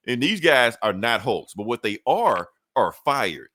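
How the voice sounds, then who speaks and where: A man casually recapping a comic book on a podcast, his pitch swinging widely as he acts out each character's lines. His speech is loose, slangy and full of profanity. The sound is dry and close, with no room echo. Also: measured pace. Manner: animated storytelling, acting out characters' lines; profane, laid-back slang. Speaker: podcast co-host.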